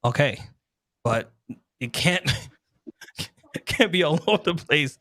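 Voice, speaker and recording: A man hosting a casual show, talking in an animated, joking way and laughing often, on a close handheld microphone. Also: fairly high pitch, slow pace, no echo. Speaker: host and wedding MC. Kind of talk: casual talk show chat.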